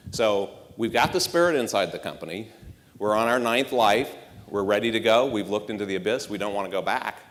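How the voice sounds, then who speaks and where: A man's voice: on the low side, animated, fairly quick, a bit bright. A man giving a conference keynote speech as a marketing executive, punchy and rhetorical with dry sarcasm. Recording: echoey hall reverb.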